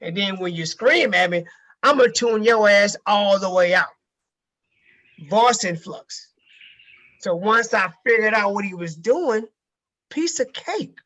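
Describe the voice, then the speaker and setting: High, bright-voiced man teaching sales. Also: animated, measured pace, pauses often. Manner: emphatic, repeats key phrases, swears casually. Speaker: sales trainer. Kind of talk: casual training talk to a group.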